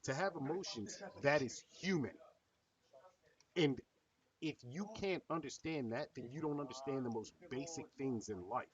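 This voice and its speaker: A man's voice: medium pitch, normal speed, distant mic, dull audio. Blunt swearing man ranting commentary. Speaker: streamer reacting to a video. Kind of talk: profane reaction commentary.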